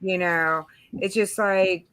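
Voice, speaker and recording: A woman's voice: medium pitch, steady tone, slow, a bit bright, smooth, no room sound. A woman hosting a casual livestream chat, rambling and filling her talk with "you know". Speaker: channel host.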